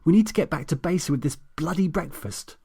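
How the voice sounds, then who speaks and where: A man's voice: a little high, expressive, a little fast, vocal fry, dark tone, breathy edge, voice pushed up, full character voice. A man voicing an exasperated, contemptuous young woman who swears in disbelief.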